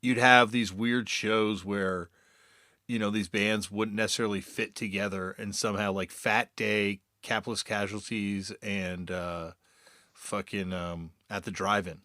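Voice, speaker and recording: A man who is a touring musician, talking in a relaxed, reflective way as a podcast guest, with filler words. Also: lowish voice, a little slow, no room sound, clean studio sound. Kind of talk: casual conversation.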